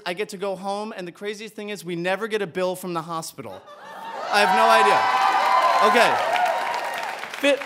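A man with a high, light voice tells a true story from a stage, lively and comic, and turns tender near the end. He performs it live before an audience. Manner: animated, comic, builds to heartfelt.

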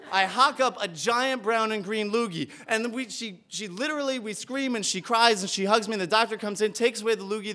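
A man with a fairly high voice tells a personal story on stage. He speaks earnestly and with animation, and the audience laughs along. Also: pushed and bright. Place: stage before a live audience.

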